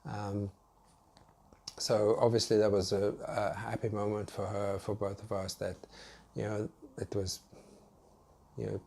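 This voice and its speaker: A British man recounts a personal story for a home video, in a casual and hesitant way. His voice sits slightly low, and he often trips over and repeats words before finding the thread. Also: level tone, gravelly, a little mellow. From United Kingdom. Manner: hesitant, halting, with many restarts. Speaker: vlogger.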